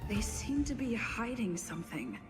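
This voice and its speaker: A woman's voice: fairly high pitch, very animated, moderate pace, soft background music. An actress playing a worried young woman in a game who asks anxious questions. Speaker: game character.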